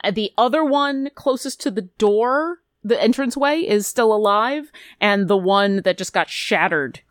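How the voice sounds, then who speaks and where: A woman game master describes the scene to her players in lively, amused detail. Her voice sits at an ordinary pitch and sounds close and dry. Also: measured pace, dry recording. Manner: vivid, amused narration. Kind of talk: narrating a tabletop game.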